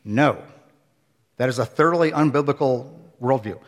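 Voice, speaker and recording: Animated man preaching in a reverberant hall. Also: medium pitch, normal speed. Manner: animated storyteller, acts out scenes. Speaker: pastor. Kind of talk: sermon storytelling. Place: church hall.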